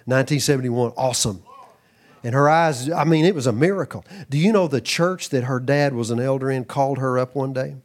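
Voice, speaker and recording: A middle-aged man from Texas preaches with energy, his voice rising and dropping as he tells stories. He jumps into quick asides and acts out the voices of people in his stories. His voice sits at an ordinary pitch for a man. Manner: animated, acts out quoted voices, breaks into asides. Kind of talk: sermon.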